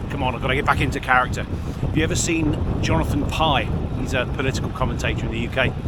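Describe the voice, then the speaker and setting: Man, cycling vlogger, grumpy, wry, self-mocking, riding outdoors, loud road and wind noise. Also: mid-range voice. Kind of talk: casual vlog talk while riding.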